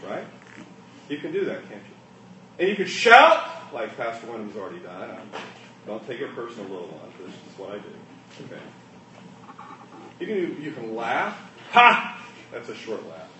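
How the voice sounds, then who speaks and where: A man preaching a sermon, swinging between hushed asides and loud, emphatic lines. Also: fairly low pitch, big pitch swings, moderate pace, long pauses, noisy background. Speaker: pastor. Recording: echoey room, mic at a distance.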